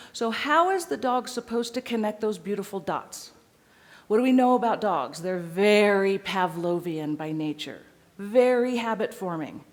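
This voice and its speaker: A woman dog trainer giving a live talk to an audience, animated and direct, often checking in with "right?" and "okay?". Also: mid-range voice. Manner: animated, addresses audience directly with tag questions.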